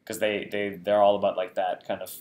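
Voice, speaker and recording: A man's voice: on the low side, little pitch movement, brisk, darkish tone, reverberant, a little hiss or hum. A man co-hosting a casual game livestream, joking around and rambling playfully. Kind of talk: casual chat.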